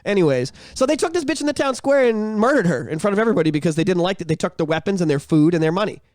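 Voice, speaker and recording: A man, co-hosting a podcast and telling crude, animated stories. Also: high voice, rapid-fire, no echo, clean studio sound. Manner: animated, profane, breaks into shouted bits. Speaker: podcast co-host. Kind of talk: crude casual storytelling.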